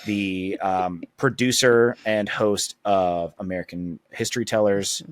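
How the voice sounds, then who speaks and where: A man's voice: fairly low pitch, steady tone, a little slow, dry recording. A man hosting a podcast in casual chat, upbeat and rambling with many fillers. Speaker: podcast host.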